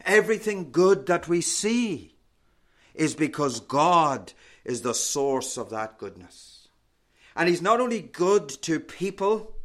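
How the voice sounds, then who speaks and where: A man delivers a sermon at an unhurried, deliberate pace. His voice sits a little higher than most men's and leans hard on each key word. Phrases often settle into a low, soft close. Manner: slow, emphatic, drops to a low soft close on key words. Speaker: preacher.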